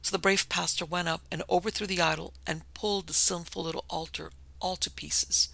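A reader voicing a frightened woman missionary who recounts her ordeal in a hushed, earnest way, as in an audiobook. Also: medium pitch, steady tone, a little fast, creaky, dry recording, rough recording. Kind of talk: audiobook reading.

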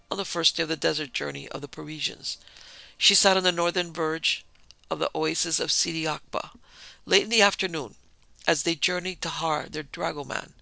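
A man narrating an audiobook in an expressive, measured reading. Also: on the high side, creaky, dry recording, rough recording. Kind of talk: scripted narration.

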